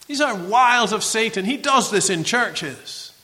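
A man preaching a sermon, animated and acting out the voices of the figures in his text. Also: sits high, a little slow, long reverb tail.

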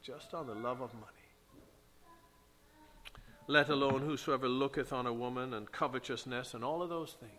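Forceful preacher man in an echoing hall. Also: a little high. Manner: emphatic preaching with King James scripture reading. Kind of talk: sermon. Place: church sanctuary. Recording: long church hall reverb.

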